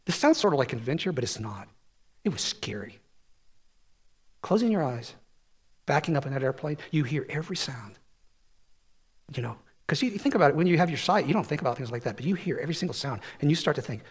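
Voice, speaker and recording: A man preaching a sermon, telling a personal story with lively ups and downs in his voice. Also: fast talker, long pauses, breathy edge. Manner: storytelling with lively pitch swings.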